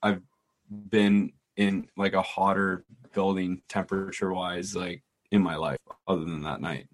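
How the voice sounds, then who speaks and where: A man's voice: low-pitched, flat delivery, measured pace. A young man, a hockey player, casually chatting with teammates and telling long rambling stories, full of likes and restarts. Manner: rambling, laid-back storytelling with many "like"s and restarts. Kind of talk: casual group chat.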